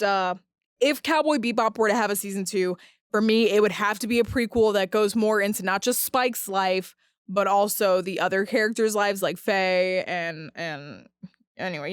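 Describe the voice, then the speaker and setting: A woman's voice: mid-range voice, clean tone, no echo, studio quality. A woman hosting a casual podcast, talking in a heated, profane, rambling way with lots of fillers. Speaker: podcast host. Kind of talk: casual ranting podcast talk.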